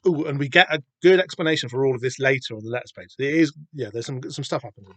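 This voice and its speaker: A man's voice: mid-range voice, fast, hardly any pauses, a bit bright, no echo. A man hosting a podcast, chatting casually and rambling about a comic with lots of fillers and restarts. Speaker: podcast host. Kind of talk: casual comic read-through chat.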